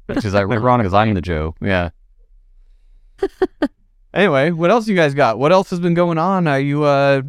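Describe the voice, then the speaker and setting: A man's voice: medium pitch, very animated, moderate pace, long pauses, clear, resonant tone, dry recording, studio quality. A man hosting a podcast in casual chat, crude and joking, rambling between topics. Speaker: podcast host.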